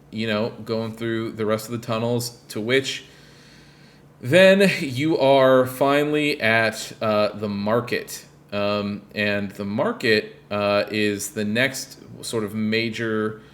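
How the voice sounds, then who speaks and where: A man co-hosting a podcast in loose, casual chat. His voice sits on the low side, and he rambles along with plenty of fillers and the occasional swear word. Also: a bit bright, a little hiss or hum. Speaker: podcast co-host.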